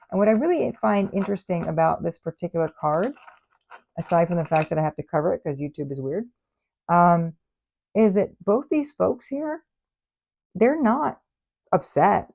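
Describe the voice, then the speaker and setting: Playful, gravelly-voiced woman tarot reader. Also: medium pitch, mellow, lo-fi sound. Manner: playful, chatty, teasing scolding. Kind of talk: casual tarot reading for viewers.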